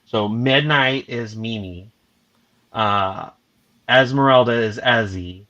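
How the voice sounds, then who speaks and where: A man's voice: medium pitch, slow pace, muffled recording. A man hosting a casual live stream chat, telling stories and acting out what people said. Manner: animated storyteller, acts out quotes. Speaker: livestream host.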